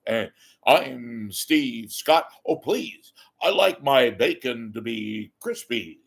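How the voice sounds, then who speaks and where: Give me a man impersonating a grandiose, self-important male radio announcer, slow and loud. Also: medium pitch, animated, creaky, slightly rough, heavily acted. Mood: fussy. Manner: slow, drawn-out, grandiose delivery.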